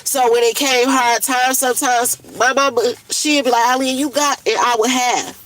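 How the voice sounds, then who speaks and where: A woman's voice: on the high side, steady tone, normal speed, fairly bright tone, low-quality recording. A woman vents on a casual livestream. She talks bluntly, swears often and sounds worn out with frustration. There is a faint bit of noise in the background. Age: 30s. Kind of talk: casual venting monologue.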